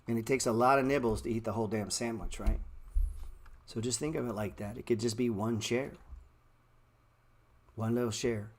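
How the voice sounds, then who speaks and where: A man's voice: medium pitch, fairly even intonation, normal speed, pauses often. A man hosting a live stock-trading stream, answering chat in blunt, slangy street talk and calling viewers bro. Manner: repeats words playfully.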